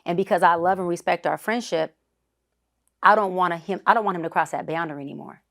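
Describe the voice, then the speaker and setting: A woman's voice: on the low side, fast talker, gravelly, a bit bright. A woman in her thirties, a psychologist guest, explaining in an assertive, casual way and acting out example conversations. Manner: assertive, acts out example dialogue.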